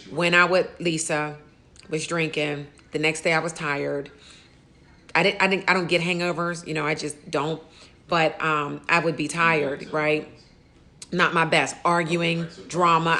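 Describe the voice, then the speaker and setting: A woman's voice: low-pitched, pushed and bright. A woman who is an insurance agent and host, talking candidly in a casual interview and telling stories with quoted asides.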